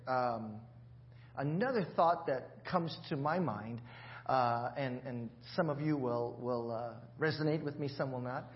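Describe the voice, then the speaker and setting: A man's voice: on the high side, muffled recording. A man preaching a sermon in a church, in a chatty, joking way with many restarts. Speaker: pastor.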